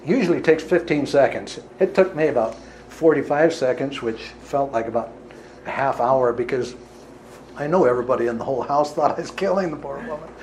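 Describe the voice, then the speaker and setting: A man's voice: mid-range voice, a little fast, darkish tone, a little hiss or hum, rough recording. Earnest man telling a vivid story. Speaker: healer giving a talk. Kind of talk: storytelling talk to an audience.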